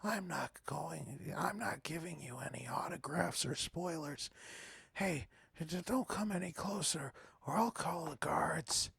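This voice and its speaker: A man's voice: a little high, a little slow, creaky, fairly bright tone, breathy edge, no echo, voice pushed up, full character voice. A man voicing a shy, anxious female pony author who stammers and uses fancy words, reading game dialogue aloud. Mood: skittish.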